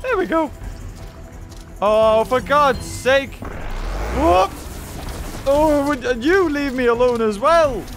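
Man, gaming host, excitable chatter, high voice, bouncy pitch, faint game music behind. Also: slow pace, long pauses. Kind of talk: let's play commentary.

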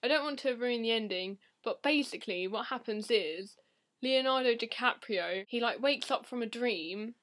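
A teenage woman vlogging casually to camera in a deadpan, rambling, silly way. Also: fairly high pitch, normal speed.

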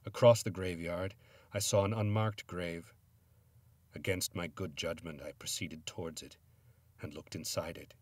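A man giving a grave, theatrical first-person reading of a dark story. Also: low-pitched, fairly even intonation, measured pace, no room sound. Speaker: narrator.

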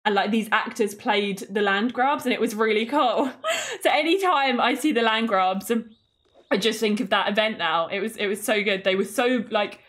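A woman streaming a game and chatting loosely to her viewers. Her talk is playful and jokingly outraged, with an ordinary middle pitch. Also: moderate pace, fairly bright tone. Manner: chatty, playful, mock-indignant, greets chat. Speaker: gaming streamer. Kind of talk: casual gameplay commentary.

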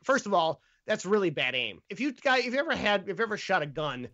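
A man's voice: high-pitched, very animated, quick pace, bright, forceful tone, dry recording, highs cut off. A man hosting a casual comedic movie review podcast, reading scripted jokes with stumbles and laughs. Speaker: podcast host.

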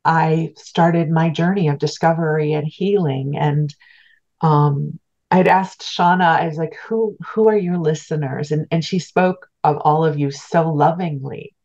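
Low-voiced middle-aged woman, earnest storytelling. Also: unhurried, darkish tone, dull audio. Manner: earnest, heartfelt and reflective. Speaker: guest, spiritual teacher. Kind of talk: personal storytelling in a podcast interview.

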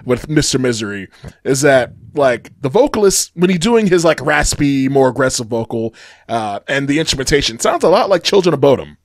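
Brief: man, relaxed podcast co-host, talks loosely with fillers, dry mic. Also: medium pitch, a little fast, no room sound. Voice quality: frequent "uh" fillers, laughs often. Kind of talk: casual chat.

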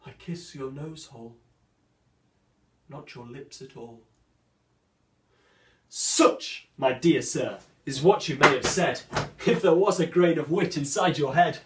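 A man's voice: a little high, animated, measured pace, a bit bright. An actor playing a proud, witty swordsman who mocks a rival in a declamatory, theatrical verse monologue. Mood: mocking. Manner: declamatory, mocking, sweeping swings of voice. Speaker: stage actor performing a monologue. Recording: roomy echo, distant from the mic.

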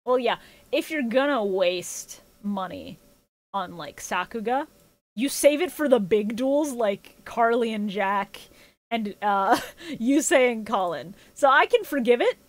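Female podcast co-host, higher voice, dry close sound, sarcastic casual recap. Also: lively intonation, a little slow, dry recording. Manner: sarcastic, joking, swears casually.

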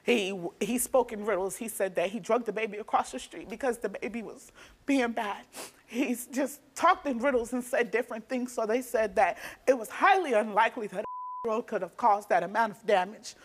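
A young woman, a guest on a talk show, recounting events in a rapid, emotional way. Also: on the high side. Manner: rapid, emotional storytelling with restarts. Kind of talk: telling her story on a talk show. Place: TV studio stage.

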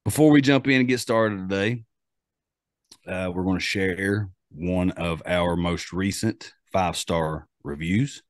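A man's voice: low-pitched, unhurried, no echo, studio quality. A man with an Appalachian accent hosting a podcast in casual, rambling chat full of fillers and restarts. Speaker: podcast host.

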